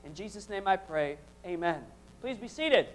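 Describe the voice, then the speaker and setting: A man's voice: sits high, expressive, normal speed. Man preaching and reading scripture aloud. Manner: reads scripture in King James style, then preaches with rising intensity. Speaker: pastor. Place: church service before a congregation.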